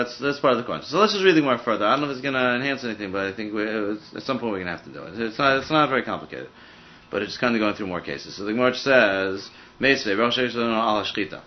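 Male Talmud teacher, rapid, thinking-aloud delivery, muffled lo-fi recording. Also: on the low side, a little hiss or hum. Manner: fast, thinking aloud with many "I mean" asides. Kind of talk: casual study-group teaching. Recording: dull lo-fi recording.

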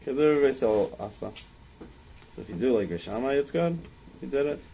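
A man's voice: mid-range voice, animated, fairly quick, vocal fry, dark tone, highs cut off, a little hiss or hum. Man teaching Talmud, thinking aloud. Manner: thinks aloud, frequent "I mean" restarts. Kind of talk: Talmud study class.

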